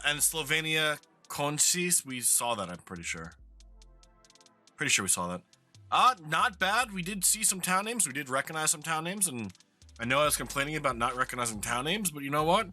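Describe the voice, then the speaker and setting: Bright-voiced New York man narrating gameplay. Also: medium pitch. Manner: chatty, self-deprecating, swears casually. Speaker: streamer playing a geography game. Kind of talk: casual game commentary.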